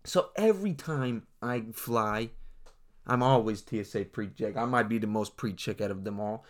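A man's voice: lowish voice, normal speed. A young man delivering a swaggering, mock-serious comedic monologue, talking straight to his audience. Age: young adult. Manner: hyped, swaggering, addresses the audience directly. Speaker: comedic speaker.

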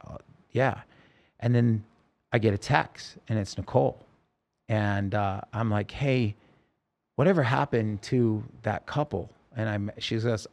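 Gravelly man telling an emotional story. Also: fairly low pitch, darkish tone. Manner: emotional, halting storytelling with many restarts. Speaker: podcast guest. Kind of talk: telling a personal story in a podcast interview.

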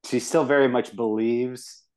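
A man's voice: mid-range voice, fairly even intonation, measured pace, darkish tone. A man co-hosting a movie podcast, talking casually with lots of restarts and fillers. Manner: rambling, many restarts and fillers. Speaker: podcast co-host. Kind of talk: casual movie review chat.

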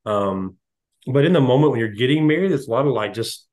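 Man, 50s, podcast host, casual storytelling, middle pitch. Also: fairly quick. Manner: storytelling, animated when quoting others. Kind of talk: casual chat.

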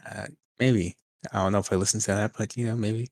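A man's voice: lowish voice, fairly even intonation, brisk, vocal fry, a little mellow, no room sound. A man recapping wrestling events in a casual chat, now and then acting out short silly voices. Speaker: podcast co-host.

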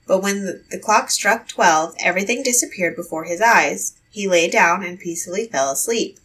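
Bright, breathy woman reading a fairy tale. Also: medium pitch, moderate pace, far from the mic, low-quality recording. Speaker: storyteller. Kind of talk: fairy tale read aloud.

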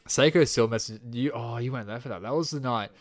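A man's voice: medium pitch, quick pace, dry recording, studio quality. A man co-hosting a podcast, chatting casually and swearing as he tells a story. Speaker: podcast co-host.

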